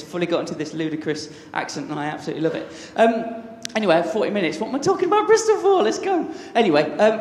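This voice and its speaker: A man's voice: high-pitched, a little mellow. A man in his thirties from England, giving an enthusiastic, chatty conference talk with lots of restarts. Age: 30s. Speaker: conference speaker. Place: large conference hall. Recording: echoey hall, faint background noise.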